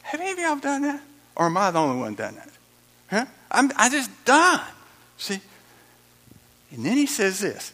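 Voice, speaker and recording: A man's voice: high voice, huge pitch swings, moderate pace, long pauses, sharp tone. A male pastor, preaching a sermon emphatically, repeating lines and adding dramatic asides.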